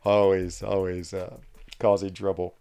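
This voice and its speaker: A man's voice: sits low, little pitch movement, a little slow, mellow, smooth. A man hosting a game livestream, chatting casually with viewers in an upbeat way and laughing often. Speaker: game streamer host.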